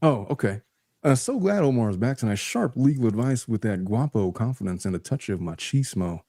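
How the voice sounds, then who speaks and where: Blunt, wry man with a mellow voice. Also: mid-range voice, lively intonation, brisk, no room sound, clean studio sound. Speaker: lawyer guest. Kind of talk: casual chat.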